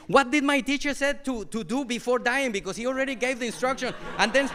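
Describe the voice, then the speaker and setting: Male monk, high voice; animated storyteller who mimics sounds. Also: a little fast. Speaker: monastic teacher. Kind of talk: dharma talk with storytelling. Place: retreat hall.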